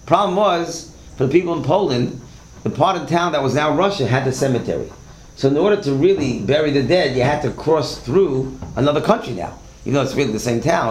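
A religious teacher gives a Torah class lecture in a mid-range voice, telling stories conversationally, repeating words and asking the class questions. The room is echoey with a faint background hiss.

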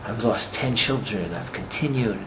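A man voicing a bereaved male sage who consoles mourners in a slow, quiet, reassuring way. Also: fairly low pitch, lightly acted. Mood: consoling. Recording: muffled with steady background noise.

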